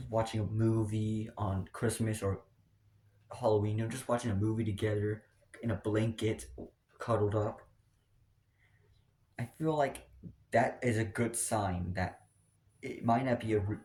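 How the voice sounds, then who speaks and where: A man's voice: lowish voice, darkish tone. Rambling young man in a roomy echo. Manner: rambling, many restarts and fillers. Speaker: vlogger. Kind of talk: casual rambling rant.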